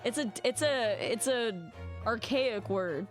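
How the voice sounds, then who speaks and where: A woman's voice: on the high side, animated, slow pace. A woman streaming a video game, chatting casually and rambling with lots of giggles. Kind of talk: casual chat while playing a video game. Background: game music.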